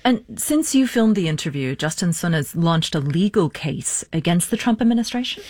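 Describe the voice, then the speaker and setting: A woman host moderating a panel discussion, putting brisk questions to her guests. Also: lowish voice, expressive, a little mellow, no room sound. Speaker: show host.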